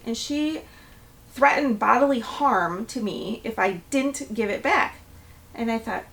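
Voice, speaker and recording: A woman's voice: fairly high pitch, measured pace, distant mic. A middle-aged woman, a property manager, telling a story in a vlog and acting out the people she quotes. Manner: animated storytelling, acts out quoted voices.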